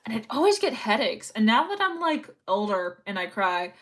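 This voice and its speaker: A young woman streams live and chats casually, rambling along and reading messages aloud. Her voice is bright and clear, set a little high, and it swings widely up and down. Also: very animated, moderate pace. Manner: chatty, rambling, reads chat messages aloud. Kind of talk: casual chat while sewing on a livestream.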